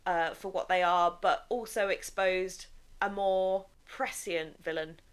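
A woman's voice: fairly low pitch, fairly even intonation, slow, clear, resonant tone. A woman co-hosting a podcast in casual comedic chat, with dry, wry and playful remarks. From Maidenhead, England. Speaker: podcast co-host.

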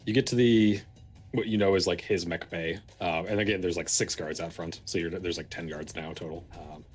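Male game master, low voice, rambling casual narration over a faint music bed. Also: steady tone, fairly quick, breathy edge. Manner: loose, filler-heavy narration.

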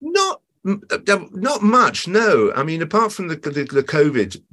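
A man's voice: on the high side, huge pitch swings, a little slow, a bit bright. A man, an actor, chatting in an interview and telling stories with lots of asides and restarts. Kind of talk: casual interview chat.

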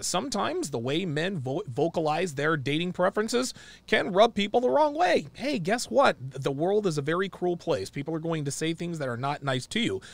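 A man's voice: on the high side, creaky, dry recording. A man hosting a call-in show, talking bluntly and restarting his words as he argues his point. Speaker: host taking calls.

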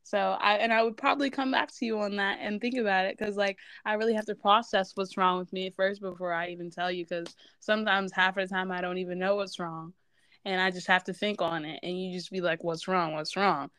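A young adult woman in a casual podcast chat who speaks hesitantly, laughs easily and lets her sentences trail off softly. Her voice sits at a medium pitch for a woman. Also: steady tone, brisk, clear, resonant tone, no echo. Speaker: guest, daughter.

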